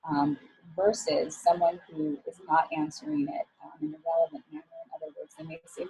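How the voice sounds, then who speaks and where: A woman's voice: sits low, steady tone, fairly quick, warm tone, slight background noise, low-quality recording. A woman working as an image coach, giving a talk on professional communication in a casual, encouraging way with frequent fillers.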